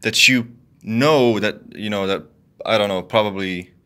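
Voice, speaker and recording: A man ranting angrily to the camera, profane and repetitive, swinging from loud outbursts to low muttering. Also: unhurried, clear, resonant tone. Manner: heated, profane, repetitive venting. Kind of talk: angry solo rant to camera.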